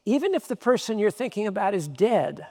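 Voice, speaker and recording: A man's voice: high-pitched, very animated, fairly quick, warm tone. A man preaching a sermon, emphatic, repeating key phrases for stress. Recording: long hall reverb.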